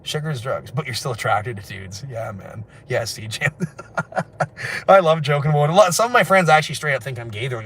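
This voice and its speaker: A man from Canada chatting on a late-night livestream, reading viewer comments and rambling very fast between laughs. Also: mid-range voice, animated, fairly bright tone, a little hiss or hum. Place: indoors at night, after a street walk.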